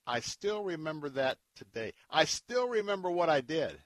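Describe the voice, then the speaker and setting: A man hosting a Christian radio talk show, speaking in an earnest, preacherly way and dropping to a hushed tone when he tells a story. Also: a little high, big pitch swings, normal speed, dry recording. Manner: earnest, preacherly, drops to a hush for stories.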